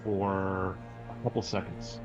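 Slow, measured man narrating a game. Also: deep voice, level tone, highs cut off, faint music behind. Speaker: game master.

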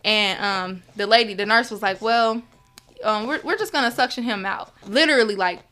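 Young woman telling a story, bright edgy voice, keeps acting out what people said. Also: mid-range voice, moderate pace. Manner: animated, acts out others' words in quotes. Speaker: guest. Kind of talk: personal storytelling.

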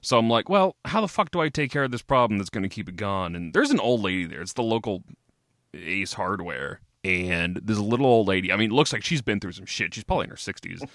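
A man's voice: lowish voice, expressive, fast talker, a bit bright, dry recording, clean studio sound. A man co-hosting a podcast in casual chat, rambling and swearing as he searches for words. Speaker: podcast co-host.

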